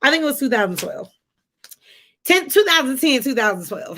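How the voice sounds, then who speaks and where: A woman, telling a personal story on a live stream in a conversational, animated way and talking to viewers as y'all. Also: sits high, moderate pace, pauses often. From Atlanta area, US. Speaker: livestream host. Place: home, during a rainstorm.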